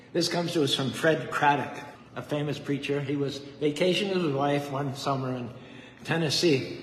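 A man's voice: fairly high pitch, slight background noise. A man preaching a devotional sermon with fervent, rhythmic repetition and a story. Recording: echoey hall with faint ambience.

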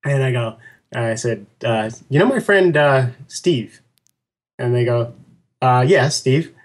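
Animated middle-aged man telling a story. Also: medium pitch, takes it slowly. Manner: animated, laughing storyteller who acts out quotes. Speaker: podcast guest. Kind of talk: casual storytelling interview.

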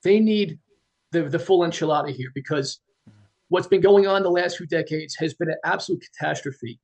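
A man's voice: a little high, brisk, husky. A man who is a retired police officer, talking as a guest in an earnest, plain-spoken way. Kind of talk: casual interview talk.

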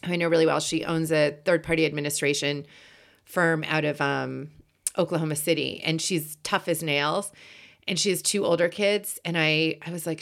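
Blunt low-voiced woman co-host. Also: steady tone, normal speed, gravelly, fairly bright tone. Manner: blunt, frank, swears casually. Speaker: podcast co-host. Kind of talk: casual chat.

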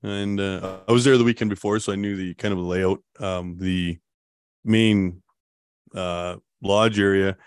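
A man guest telling his story in a casual interview, rambling and relaxed, with lots of fillers and laughs. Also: deep voice, dry recording, clean studio sound.

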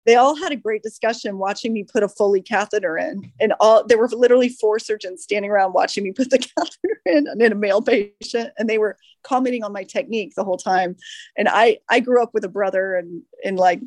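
A woman's voice: medium pitch, fast talker, no echo, clean studio sound. A woman in her forties, an orthopedic surgeon, telling stories as a podcast guest with frequent laughter. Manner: lively storyteller, laughs often. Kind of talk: podcast interview.

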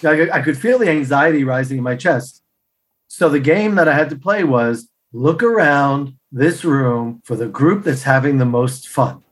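A middle-aged man, a podcast guest, telling personal stories in an animated way and acting out the dialogue. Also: mid-range voice. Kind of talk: storytelling interview answers.

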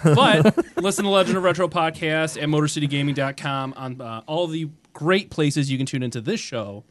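A man's voice: on the high side, moderate pace, fairly bright tone, a little hiss or hum. A man co-hosting a gaming podcast, joking and sarcastic while doing a plug. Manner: jokey, sarcastic. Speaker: podcast co-host.

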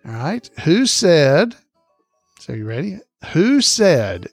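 This podcast host runs a trivia quiz into a close microphone, his highish voice sing-song against a dry recording and soft background music. He reads each question slowly, repeats it, and chuckles often.

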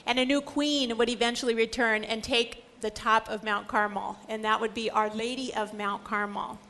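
A woman's voice: a little high, fairly even intonation, moderate pace, sharp tone. A woman Bible teacher giving a scripture lecture, retelling stories with dramatic, emphatic storytelling.

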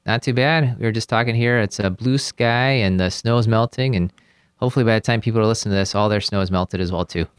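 A man's voice: on the low side, fast, smooth, dry recording, studio quality. A middle-aged man hosting a podcast, upbeat and friendly in his banter with guests. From Maryland. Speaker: host.

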